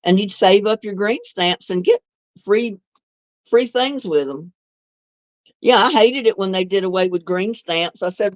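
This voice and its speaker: An unhurried, mid-range voice, recorded dry and lo-fi, belongs to an older woman hosting a livestream. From North Carolina, with a Southern accent partly blended with Northern, she looks back on the past and reads viewer comments, laughing easily.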